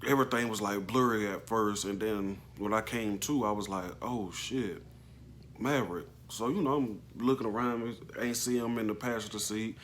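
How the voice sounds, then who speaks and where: A man casually recounting a personal story, halting and slangy, with plenty of emotion. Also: lowish voice, steady tone, fairly bright tone, a little hiss or hum. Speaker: vlogger telling a personal story.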